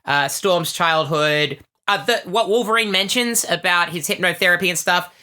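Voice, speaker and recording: A woman co-hosting a podcast in casual comic chat, animated and full of quick jokes. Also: lowish voice. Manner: animated, joking, quick asides. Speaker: podcast co-host.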